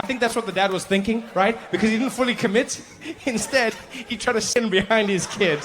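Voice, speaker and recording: A male stand-up comedian with a notably high voice, telling a story with a lot of energy. He jumps in and out of the characters, and a faint hum of noise sits under the stage sound. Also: brisk. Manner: animated, acts out every character. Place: comedy stage with laughing audience.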